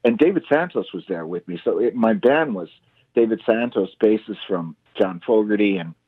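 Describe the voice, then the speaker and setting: Low husky man on a tinny line. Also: normal speed, no room sound. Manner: enthusiastic, animated storyteller acting out quotes. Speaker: musician guest, show host. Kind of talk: casual interview storytelling.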